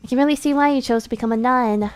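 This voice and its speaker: A woman's voice: on the high side, fast talker, clean tone, lightly acted. A woman voicing a panicky, whiny young vampire woman who is behind on her rent, reading a game's dialogue on stream. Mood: frantic. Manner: frantic, whiny, excitable.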